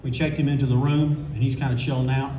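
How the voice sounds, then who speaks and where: Older male panelist, rambling raconteur, warm low-key tone, faint room hum behind. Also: level tone, fast talker, recorded from a distance. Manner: rambling, candid, swears freely. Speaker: convention panelist. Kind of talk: casual anecdotal storytelling. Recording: echoey room recording from afar.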